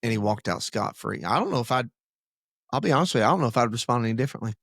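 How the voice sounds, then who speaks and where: A man's voice: medium pitch, expressive, racing, a bit bright, no echo, studio quality. A man, a pastor, telling a story in casual conversation on a church podcast. He talks earnestly, restarts his sentences and drifts from the story into preaching.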